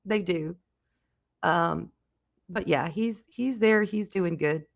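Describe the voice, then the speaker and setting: A woman hosting a casual livestream, talking in a halting, emotional way with many restarts and reading out chat comments. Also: fairly low pitch, creaky, dull audio. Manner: reads and answers chat comments. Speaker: livestream host.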